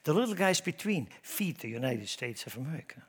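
Emphatic preacher, higher voice. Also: male voice, very animated, fairly quick, husky. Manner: emphatic, swinging between loud exhortation and hushed asides. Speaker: pastor. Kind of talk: sermon. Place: church in the American Midwest.

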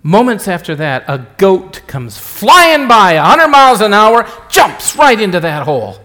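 Chatty pastor in an echoey church. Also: male voice, high voice, big pitch swings, moderate pace, few pauses, bright, forceful tone. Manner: rambling, chatty, self-interrupting. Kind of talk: sermon with jokes.

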